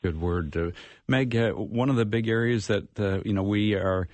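A man hosting an interview, asking questions in a halting way with many fillers. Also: on the low side, darkish tone, dry recording. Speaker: host.

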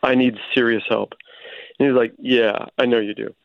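A man guest telling his recovery story in an earnest, animated way, with quick restarts, on a Christian talk show. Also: medium pitch, creaky, no echo. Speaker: guest author. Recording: tinny phone-line sound.

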